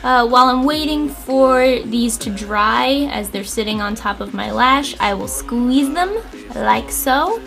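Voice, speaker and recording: A woman's voice: fairly high pitch, lively intonation, unhurried, gravelly, fairly bright tone. A woman hosting a makeup tutorial, chatting casually and explaining each step with self-deprecating asides. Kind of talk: casual how-to talk.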